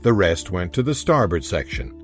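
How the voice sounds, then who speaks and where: Deep, lively male audiobook narrator. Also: normal speed, faint music behind. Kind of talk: scripted narration.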